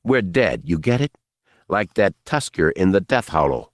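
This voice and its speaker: A man's voice: sits low, very animated, normal speed, dry recording, clean studio sound. A male narrator voicing a bitter, angry young jungle guide in an audiobook. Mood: despairing.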